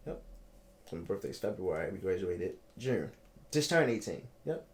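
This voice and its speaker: A man, telling his own story in a casual interview, animated and repeating himself for emphasis. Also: low voice, moderate pace. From Baltimore, United States. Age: 30s.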